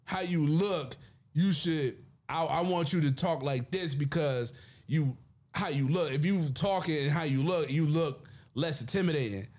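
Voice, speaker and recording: A man chatting casually about wrestling as a podcast co-host, animated and acting out quotes in put-on voices. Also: fairly high pitch, unhurried.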